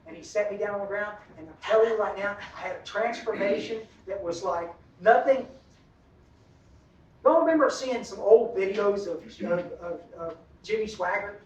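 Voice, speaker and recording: A man's voice: sits high, moderate pace. A middle-aged man telling a rambling, folksy story at a recovery meeting, often laughing at himself. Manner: folksy, rambling, laughs at his own stories. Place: meeting hall. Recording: echoey hall, distant dull mic.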